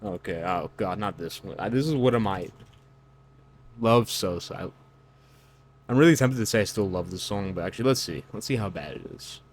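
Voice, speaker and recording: A man with a somewhat low voice talks through song lyrics on his channel. He sounds incredulous and preachy, stops and restarts, and fills gaps with "like" and "okay". A faint hum sits under his voice. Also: moderate pace. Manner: incredulous, lecturing, lots of fillers. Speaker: online commentator. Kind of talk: reaction commentary on song lyrics.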